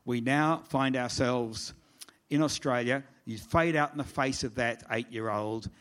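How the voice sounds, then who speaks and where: A man's voice: medium pitch, unhurried. Wry middle-aged man telling a story. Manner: wry, self-deprecating, animated storytelling with quoted dialogue. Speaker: author giving a talk. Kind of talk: storytelling presentation. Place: lecture room before an audience.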